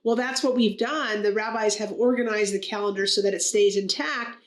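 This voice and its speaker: A woman's voice: medium pitch, steady tone, moderate pace. Chatty woman rabbi in an echoey room. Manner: chatty, playful joke-teller. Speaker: rabbi, co-host. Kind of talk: casual conversation.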